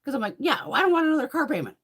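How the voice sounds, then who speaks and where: A woman hosts a live beauty stream, giving a room tour in casual chat. Her voice sits high and comes out rapid-fire, blunt and animated, with constant swearing and frequent laughter as she talks.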